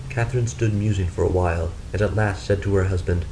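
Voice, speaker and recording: Deep gravelly male storyteller. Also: slight background noise, low-quality recording. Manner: steady, measured storytelling. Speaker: narrator. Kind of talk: storybook reading.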